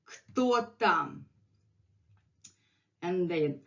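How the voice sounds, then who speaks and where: Middle-aged Russian-accented woman, patient teacher, very slow and repetitive delivery, muffled lo-fi sound. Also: medium pitch. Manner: patient, repeats words slowly for learners. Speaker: language teacher. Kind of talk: language lesson.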